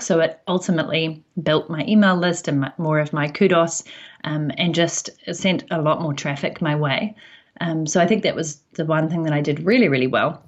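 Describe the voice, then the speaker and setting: A woman's voice: low-pitched, muffled recording. A woman with a New Zealand accent, telling stories in a chatty way with plenty of ums as a podcast guest. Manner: chatty storytelling with frequent ums. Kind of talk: casual podcast interview.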